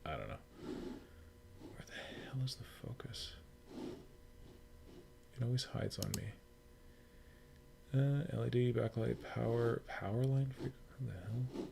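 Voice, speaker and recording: This Canadian livestream host talks slowly at medium pitch, with vocal fry and frequent pauses. It's a casual, noisy home stream where he chats with viewers and mumbles to himself as he adjusts settings.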